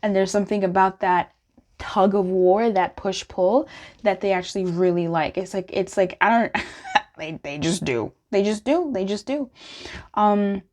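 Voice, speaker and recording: A woman's voice: medium pitch, a little slow, a little mellow. A woman giving a casual pick-a-card tarot reading, chatty and giggly, often acting out playful quoted voices. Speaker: tarot reader.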